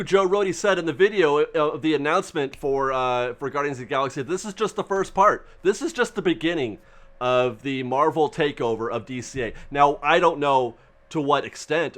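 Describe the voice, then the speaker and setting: A man with a somewhat high, bright and forceful voice chats in a casual vlog about theme park news. He rambles, restarts his sentences and laughs often. His delivery is animated throughout. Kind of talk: casual excited vlog commentary.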